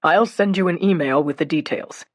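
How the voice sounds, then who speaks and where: A kindly older man, a zoo director in a storybook audiobook, speaking slowly and formally with warm pauses, as a woman narrator lowers her voice to play him. His tone sits a little low and the read is dry and close, with no room sound around it. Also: no echo, lightly acted. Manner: measured, pausing, friendly.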